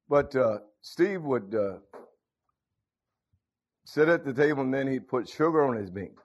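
Older preacher, folksy and rhythmic. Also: male voice, medium pitch, darkish tone. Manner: call-and-response, frequent "huh?" and "thank you, Lord". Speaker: pastor. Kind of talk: folksy sermon. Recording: dull lo-fi recording.

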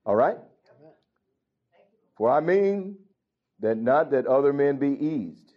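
A man preaching in a stern, blunt, scolding way, with a mid-pitched voice. The recording sounds dull and lo-fi. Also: lively intonation, slow pace. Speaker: pastor. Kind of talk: sermon.

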